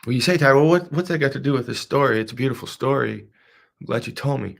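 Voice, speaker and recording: A man's voice: mid-range voice, fast, gravelly. A man hosting a reflective devotional talk, speaking in an earnest, repetitive, preacher-like way with strong emphasis. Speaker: host.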